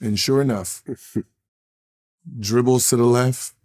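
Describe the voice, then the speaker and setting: A man in a casual interview, telling a long story full of swearing. He gets animated and acts out what others said in a raised voice. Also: mid-range voice, slow. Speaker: interview guest, former basketball player.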